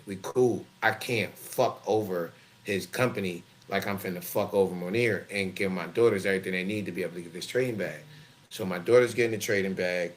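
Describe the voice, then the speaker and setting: A middle-aged man, hosting a live show and telling a blunt, profane story full of slang. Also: on the low side. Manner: blunt, heavy swearing, animated, street slang.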